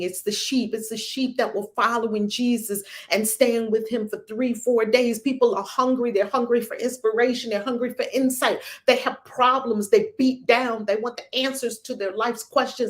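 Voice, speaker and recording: A woman spiritual teacher speaking emphatically and preaching, full of rhetorical questions. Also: a little high.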